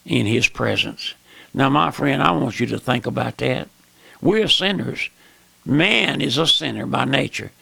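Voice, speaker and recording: A man's voice: medium pitch, creaky, pushed and bright, dry recording. A man in his eighties preaching a fervent radio sermon, losing his voice, repeating words and calling listeners "my friend". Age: 80s. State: losing his voice, frog in throat.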